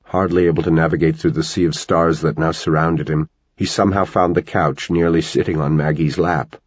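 Very low, husky male narrator. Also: steady tone, fairly quick, no room sound, dull audio. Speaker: audiobook narrator. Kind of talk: scripted narration.

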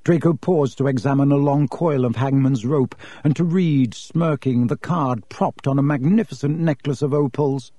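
A man narrating an audiobook in a steady, measured way. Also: medium pitch, dry recording.

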